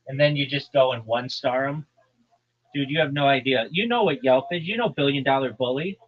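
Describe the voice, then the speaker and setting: A man from New Jersey, hosting a livestream and ranting crudely in a loud, brash, profane comedic tone. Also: mid-range voice, fairly quick, dull audio. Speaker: livestream host.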